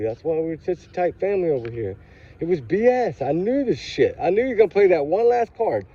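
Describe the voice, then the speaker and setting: A man's voice: a little high, big pitch swings, fairly quick, mellow, dull audio. A man hosting a true crime channel, ranting angrily to his viewers while walking around a grocery store parking lot. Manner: angry, fired up, talks straight to viewers. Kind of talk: casual ranting vlog to viewers.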